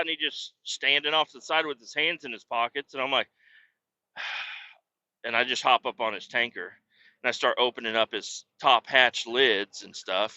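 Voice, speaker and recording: A man's voice: medium pitch, bright, forceful tone, no echo. A man hosting a podcast, telling a work story in casual, exasperated, profane rants. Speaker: podcast host. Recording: dull lo-fi podcast audio.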